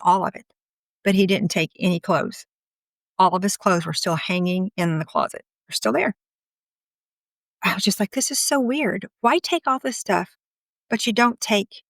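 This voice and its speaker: A woman's voice: fairly low pitch, no echo. Middle-aged woman, candid and chatty storyteller, acts out quotes, dry close sound. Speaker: guest telling her story. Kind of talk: personal storytelling.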